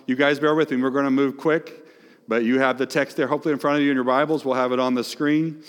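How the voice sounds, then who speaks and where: A male pastor preaching a sermon, swinging between hushed, soft phrases and loud, emphatic ones. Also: mid-range voice. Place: large church hall. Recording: long echoing hall reverb.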